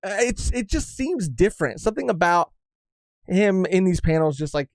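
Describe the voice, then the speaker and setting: Animated man on a casual manga podcast. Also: high-pitched, normal speed, dry recording, clean studio sound. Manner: animated, swears casually, restarts often. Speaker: podcast co-host. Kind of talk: casual chat reviewing manga.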